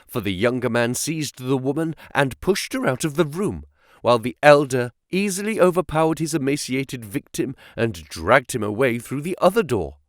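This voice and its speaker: A male audiobook narrator reading a classic detective story in a measured, dramatic way. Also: medium pitch, dry recording, clean studio sound.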